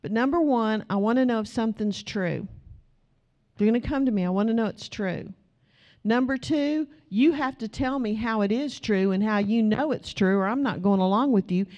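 A middle-aged woman preaches to her church congregation in an emphatic, direct way. Her voice sits slightly high for a woman, and she speaks plainly to the people in front of her. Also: dark tone, dull audio. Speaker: pastor. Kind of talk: sermon.

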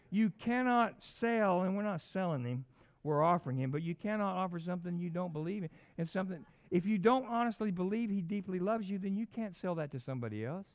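A middle-aged man preaching a sermon, animated and conversational, with folksy asides. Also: high-pitched. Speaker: pastor. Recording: dull lo-fi sound.

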